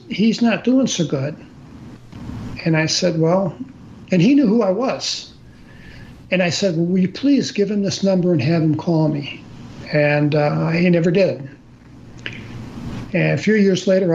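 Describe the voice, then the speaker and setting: On the high side with vocal fry and a darkish tone, an older man speaks at a moderate pace as a guest storyteller sharing a personal story. He is plain and earnest, often restarting and using fillers, and the audio is slightly dull with faint noise.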